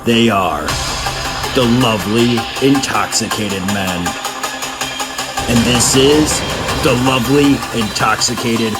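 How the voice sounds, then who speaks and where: A man's voice: medium pitch, slow, pauses often, loud music behind the voice. A man reading a dramatic scripted show intro. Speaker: show announcer.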